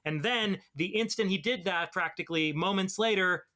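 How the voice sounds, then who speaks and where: A man's voice: high-pitched, moderate pace, sharp tone. A man co-hosting a podcast, breaking down a comic's story in articulate casual chat, swearing freely. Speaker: podcast co-host.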